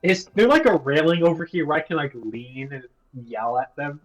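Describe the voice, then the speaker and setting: A man playing in a tabletop role-playing session and firing off dry, teasing remarks. His voice sits a little higher than most men's. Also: sing-song, moderate pace, low-quality recording. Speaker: player. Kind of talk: tabletop game chat.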